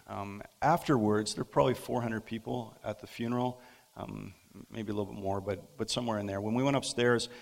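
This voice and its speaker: Male pastor, gravelly voice, halting storyteller with pauses, sermon in a reverberant church. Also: on the low side. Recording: long hall reverb.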